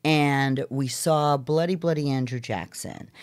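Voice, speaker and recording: A woman from New York City, a playwright and actor, telling lively anecdotes in a podcast interview and laughing often. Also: rumbling low, unhurried.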